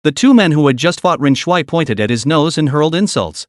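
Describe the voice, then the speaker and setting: A man narrates a fantasy comic story in a scripted, storytelling way. His voice sits a little high and moves up and down a lot. The sound is dry and close. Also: animated, a little fast, few pauses, dry recording.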